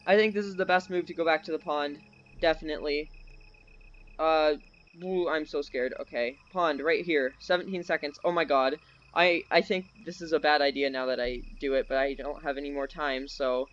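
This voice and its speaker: A man's voice: a little high, normal speed, a bit bright, highs cut off. A man giving live commentary on a horror game, jumpy and easily scared, breaking into nervous laughs. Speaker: gaming channel host. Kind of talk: live commentary while playing.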